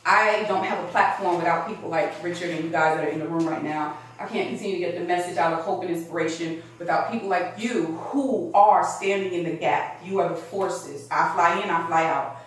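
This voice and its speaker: A woman's voice: lowish voice, brisk, hardly any pauses, far from the mic. Woman from georgia giving a pep talk, laughs a lot, echoey room, faint noise behind. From Georgia, USA. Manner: lively, emphatic, laughing often. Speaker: motivational speaker. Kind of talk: motivational talk to a meeting. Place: meeting room.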